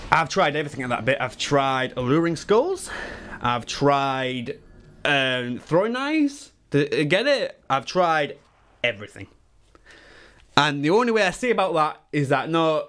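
A young man giving live, excitable, sweary commentary on his gameplay while he talks to chat. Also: fairly high pitch, unhurried. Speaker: speedrunner streamer.

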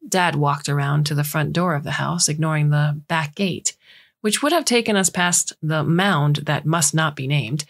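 Low-voiced woman reading a story. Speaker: audiobook reader. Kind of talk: scripted narration.

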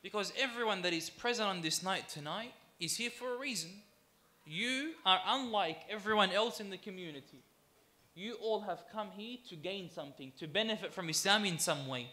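A man preaching in a high, bright voice. He leans on repetition and slows down to hammer home his key phrases. He speaks to the congregation as brothers and sisters. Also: animated. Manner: emphatic, with deliberate repetition; addresses the audience as brothers and sisters. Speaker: sheikh giving a religious talk. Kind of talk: sermon.

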